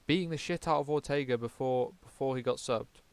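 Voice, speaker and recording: Smooth-voiced man, casual rambling. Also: medium pitch, a little fast, no room sound. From United Kingdom. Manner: rambling, swears often, self-correcting. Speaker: MMA vlogger. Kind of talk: casual fight predictions.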